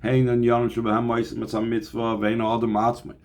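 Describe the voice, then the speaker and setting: A male teacher giving a Torah class. He reads passages aloud in Hebrew, then translates and explains each one, with pauses and restarts as he goes. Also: mid-range voice, monotone, darkish tone.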